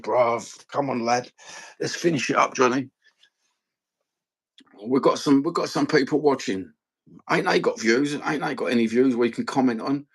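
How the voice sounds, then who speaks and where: A middle-aged East London man chats on his live stream in a rough, gravelly voice with a husky edge. His talk is sweary and blokey as he rambles along in easy banter. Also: mid-range voice.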